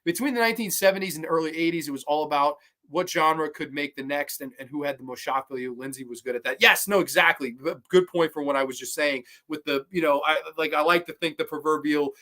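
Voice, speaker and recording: A man hosts a horror movie show and rambles through his opinions with plenty of swearing and enthusiasm. His voice is bright and forceful, pitched a little high for a man. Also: fast talker, few pauses. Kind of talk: casual film review talk.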